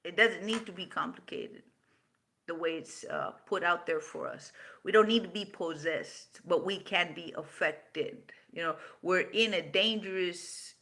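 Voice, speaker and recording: A woman in her fifties hosting a livestream talks bluntly and swears freely as she answers viewer comments without a script. She speaks unhurriedly, in a voice on the low side with a fairly bright tone.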